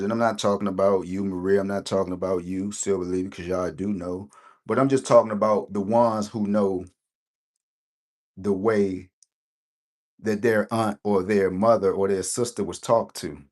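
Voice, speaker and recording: Low-voiced rambling DC man. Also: steady tone, normal speed, darkish tone. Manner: rambling, repeats himself, checks in with "right?". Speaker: lottery channel host. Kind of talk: casual personal storytelling to viewers.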